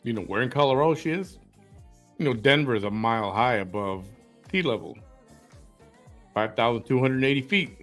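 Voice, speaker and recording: A man's voice: medium pitch, lively intonation, normal speed, pauses often, a bit bright, faint music behind. A man hosting an opinion commentary, reacting to clips in a blunt, confrontational way and firing rhetorical questions. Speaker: host.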